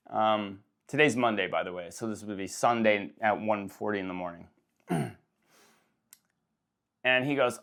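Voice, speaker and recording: A middle-aged man talks straight to his audience in a loose, rambling monologue. He swears freely and trips over his own sentences as he works through them. His voice sits at an ordinary middle pitch. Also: a little slow, pauses often, a bit bright. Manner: rambling, frank, swears, many restarts. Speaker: host. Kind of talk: casual personal monologue.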